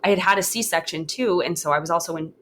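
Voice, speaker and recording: A woman in her thirties, a podcast guest, telling her story in a candid, halting way with many restarts. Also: lowish voice, fairly bright tone, a little hiss or hum.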